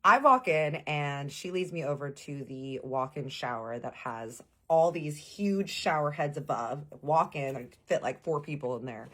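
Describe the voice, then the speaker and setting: Young girl, low voice, slangy chatty storytime, does all the voices. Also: expressive, measured pace, few pauses, pushed and bright. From Texas. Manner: chatty, slangy, acts out dialogue. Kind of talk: casual storytime.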